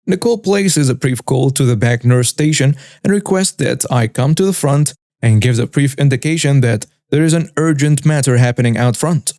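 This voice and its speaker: Casting: storyteller man, brisk read, somewhat high voice, close and dry. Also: expressive, a little mellow, no echo. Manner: brisk storytelling that acts out each character. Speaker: story channel narrator. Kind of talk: scripted narration of a reddit story.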